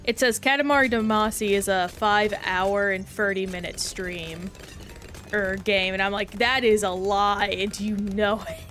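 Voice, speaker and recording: A woman's voice: mid-range voice, steady tone, unhurried, fairly bright tone, faint music behind. A woman streamer chatting casually while playing a game and answering chat, talking in a self-reflective, rambling way.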